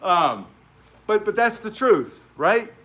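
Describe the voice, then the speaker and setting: A middle-aged man coaching self-defense in a casual, conversational way. His voice sits a bit high for a man, and he keeps checking in with quick "right?" asides. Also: very animated, sharp tone. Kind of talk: casual instructional talk.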